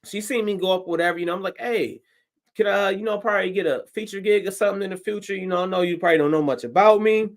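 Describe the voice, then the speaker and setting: A man from Detroit, a stand-up comedian, telling a story on a livestream in a profane, animated way and acting out his own reactions. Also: high-pitched, fast talker.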